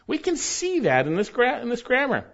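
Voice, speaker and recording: A man's voice: very high-pitched, huge pitch swings, moderate pace, creaky, a bit bright, highs cut off. A man preaching a sermon as a pastor, teaching with casual asides and frequent "okay?" checks.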